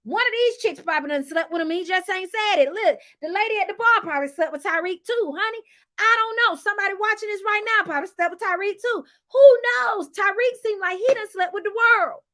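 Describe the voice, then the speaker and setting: A high-voiced woman recaps reality TV episodes in a casual vlog. She is sassy and animated, and she keeps turning to her viewers with a "honey" or "baby girl". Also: a little fast.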